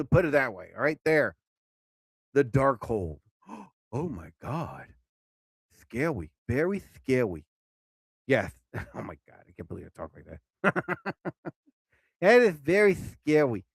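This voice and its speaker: A man hosting a live stream who reads a list aloud and keeps breaking off with jokey, excitable remarks, often stumbling over his words. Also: a little high, clean tone, no room sound, studio quality. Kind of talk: casual live-stream reading and commentary.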